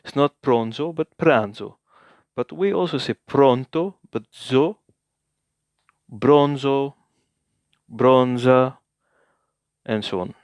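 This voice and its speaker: A man hosting a casual spoken language lesson, thinking aloud with many filler sounds and repeating words slowly for the listener. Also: medium pitch, a little mellow, no room sound. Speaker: language-learning video host.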